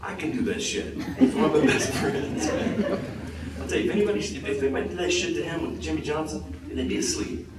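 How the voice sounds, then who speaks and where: A man in his forties telling profane comic stories as a convention panel guest, animated and laughing through his anecdotes. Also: fairly high pitch, fast talker. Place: large convention hall. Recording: echoey hall recorded from far off with crowd noise.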